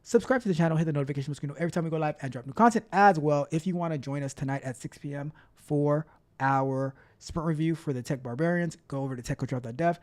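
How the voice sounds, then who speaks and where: A man's voice: fairly high pitch, a little mellow. A man hosting a casual tech livestream, chatty and upbeat, often repeating himself as he reads the chat. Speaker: livestream host and tech coach.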